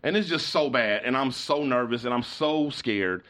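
A man's voice: medium pitch, normal speed. A middle-aged man hosting a podcast, telling a long story in a loose, rambling way and acting out the voices of the people in it. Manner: animated, acts out the voices of people in his story; rambling, full of "like" and restarts. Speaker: podcast host. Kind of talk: casual storytelling.

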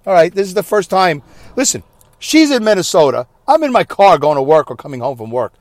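A man's voice: high voice, very animated, fairly quick, dry recording. A man hosting a casual solo podcast from his parked car, rambling and poking fun at himself. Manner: rambling, self-mocking, chatty. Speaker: podcast host.

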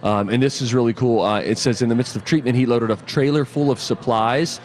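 A male morning radio co-host in casual banter, telling animated comic stories into a studio microphone. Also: medium pitch, brisk, soft background music.

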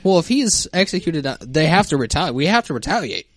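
A man's voice: fairly high pitch, big pitch swings, fast talker, no echo, clean studio sound. A man co-hosting a casual talk show, chiming in playfully and laughing along. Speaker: co-host. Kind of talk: casual banter.

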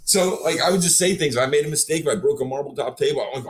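A man telling stories as a guest on a casual podcast, animated, swearing freely and acting out what others said. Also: fairly high pitch, racing. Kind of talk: storytelling in casual podcast chat.

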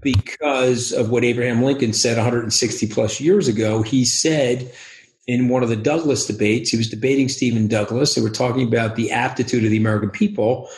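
A man talks in a fast, emphatic rush, clearly wired on caffeine. His voice sounds roomy, with the echo of the room around the mic. He leans hard into rhetorical questions. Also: medium pitch, steady tone, darkish tone. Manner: rapid, emphatic, acts out quoted voices. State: over-caffeinated and wound up. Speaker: podcast guest. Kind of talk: animated interview talk.

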